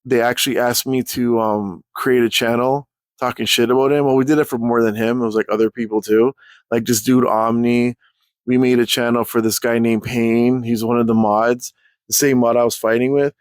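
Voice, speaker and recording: A young man hosting a casual storytelling vlog, talking in an animated, profane, rambling way. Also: medium pitch, normal speed, no echo, studio quality. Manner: animated, profane, rambling, jumps into quoted voices. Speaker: channel host.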